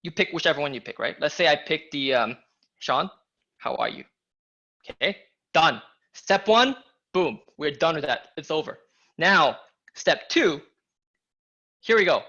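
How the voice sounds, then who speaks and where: An energetic man teaching a live online sales class, pushing each point hard and calling out to his listeners. His voice sits fairly high with a forceful, bright edge. The audio is dull and lo-fi. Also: normal speed, long pauses. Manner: energetic, emphatic, talks to the audience directly. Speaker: sales trainer. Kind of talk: live online training talk.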